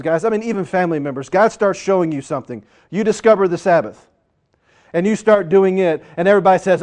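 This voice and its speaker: A male preacher with a noticeably high voice delivers his sermon with fervor. He surges into loud exhortation, then drops to hushed, intimate asides. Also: fairly quick. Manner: impassioned, swinging between loud urging and hushed asides.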